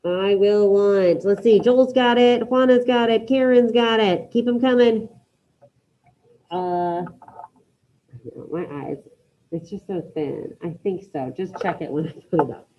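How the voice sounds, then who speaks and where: A woman teaching a Spanish class online, brisk and encouraging, calling out students by name as she checks their answers. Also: on the high side, warm tone, dull audio, a little hiss or hum.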